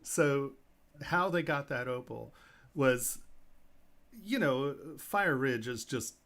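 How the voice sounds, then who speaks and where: A middle-aged man, a jeweler, telling lively anecdotes in casual chat with fillers and laughs. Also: medium pitch, takes it slowly. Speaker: jeweler guest.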